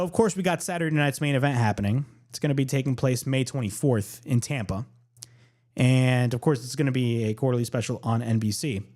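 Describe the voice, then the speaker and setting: Animated man recapping wrestling on his podcast. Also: medium pitch. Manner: animated, repeats himself for emphasis. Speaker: podcast host.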